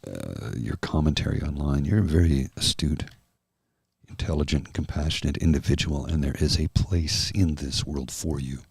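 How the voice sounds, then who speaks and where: A man hosting a soft-spoken ASMR livestream, talking slowly and earnestly and answering viewers by name. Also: extremely low pitch, vocal fry, slightly rough, no echo, studio quality. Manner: slow, earnest and heartfelt, addressing viewers by name. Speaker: livestream host.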